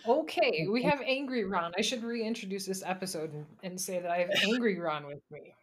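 A woman's voice: medium pitch, brisk, crowd noise. A woman hosting a podcast in casual chat, dry and amused, laughing easily. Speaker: podcast host.

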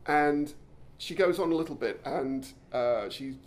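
A man's voice: a little high, a little slow. Enthusiastic male podcast host, stumbling. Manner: enthusiastic, with frequent restarts and stumbles. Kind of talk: casual storytelling commentary.

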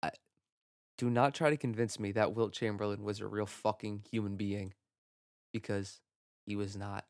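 A young man hosting a solo sports podcast from home, talking in an excitable, profane rant and laughing at his own jokes. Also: on the low side, moderate pace, long pauses, dry recording, studio quality. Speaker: podcast host. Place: home room.

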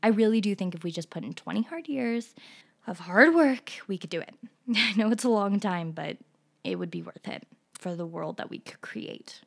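A young woman with a gravelly, fry-heavy voice, hosting a solo podcast. She talks in a casual, opinionated ramble, full of fillers and quick laughs, at a middle pitch for a woman. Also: sing-song. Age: young adult. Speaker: podcast host.

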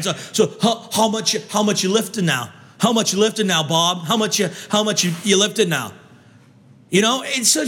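A vlogger man on an angry, foul-mouthed rant. His voice sits high and sounds bright and sharp. He keeps tripping over his words as he restarts his sentences in frustration. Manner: heated, swearing constantly, stumbling restarts.

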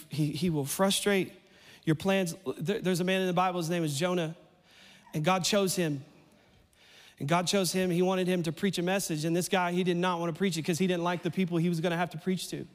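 A man preaching a sermon in a church, playful and animated, his voice climbing almost to a shout as he acts out lines. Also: high voice, in a large hall. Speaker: pastor.

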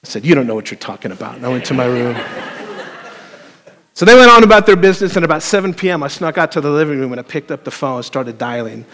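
A man preaching a sermon as pastor, telling a story with playful, animated asides to the congregation. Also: fairly high pitch, fast talker. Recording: long hall reverb.

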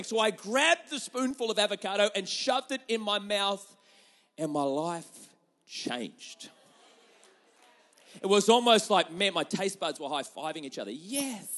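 Preaching from the pulpit at a moderate pace, a young adult pastor tells stories in a notably high, animated voice. He keeps it conversational and full of jokes, sinking to a hush and then swelling loud again.

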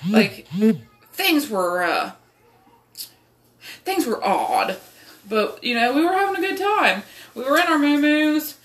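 Speaking in a mid-range, fairly bright voice, this young podcast host spins a casual, rambling tale from her life. She swears freely and leans heavily on filler words.

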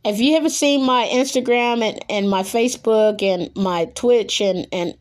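A young woman hosts her own podcast alone, her voice sitting a little high. She rants in a casual, slangy way, hammering her points with repeats. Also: normal speed. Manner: animated, emphatic, repeats herself, slangy. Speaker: podcast host. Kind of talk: casual solo podcast rant.

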